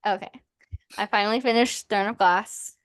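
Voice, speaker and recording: A woman's voice: mid-range voice, steady tone, normal speed, clear, resonant tone, no room sound, clean studio sound. A woman co-hosting a podcast in casual chat, talking hesitantly with many fillers as she gives her opinions. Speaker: podcast co-host.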